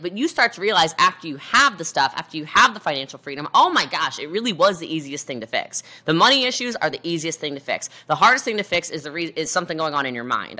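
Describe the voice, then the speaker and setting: With a low, sharp-toned voice, she appears as a guest entrepreneur in a motivational conversation, speaking with energy and emphasis while performing the voices she quotes.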